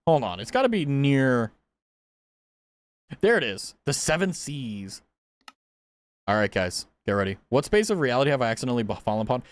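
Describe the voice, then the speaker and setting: A man's voice: mid-range voice, very animated, moderate pace, long pauses, dry recording. A man streaming a video game, chatting casually in a playful, giggly way and reading menu items aloud. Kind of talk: casual gameplay commentary.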